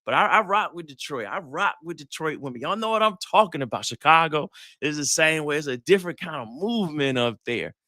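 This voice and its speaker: Guy hosting a live dating talk, slangy storyteller, crisp dry audio. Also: on the high side, a little fast, hardly any pauses, no echo. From Atlanta, US South. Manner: animated storyteller, acts out quotes, slangy. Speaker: psychologist hosting a live session.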